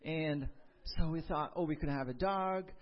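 A man's voice: a little high, normal speed, highs cut off. A man preaching a sermon, telling a personal story with comic asides and building to emphatic preaching. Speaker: pastor.

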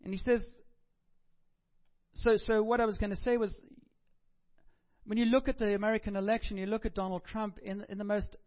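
A man's voice: sits high, level tone, normal speed, pauses often, dull audio. A middle-aged man, a pastor, giving a chatty, joking sermon in a conversational way.

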